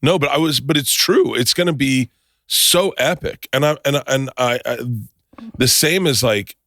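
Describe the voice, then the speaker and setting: A man's voice: mid-range voice, moderate pace, a bit bright, dry recording, clean studio sound. Stammering, swearing podcast host man. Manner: rambling, stammering restarts, heavy swearing. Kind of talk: casual chat. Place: studio.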